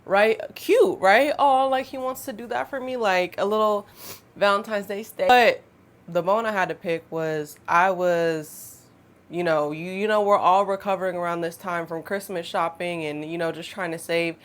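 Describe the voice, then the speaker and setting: A woman, telling a storytime vlog in a chatty, animated way with laughing asides. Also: fairly low pitch, moderate pace. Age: 20s. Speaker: storytime vlogger. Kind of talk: casual storytime monologue.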